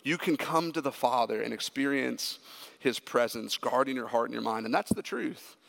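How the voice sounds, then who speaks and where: A man preaching a sermon as a pastor, emphatic and animated when he tells stories. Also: mid-range voice, normal speed, creaky. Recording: echoey hall with long reverb.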